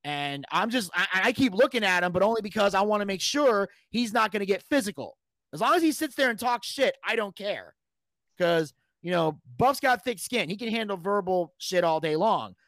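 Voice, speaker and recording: A man's voice: high-pitched, normal speed, no echo. A man telling a long story on a podcast as a guest, casually and with plenty of swearing, acting out what people said. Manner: animated, profane, acts out quotes.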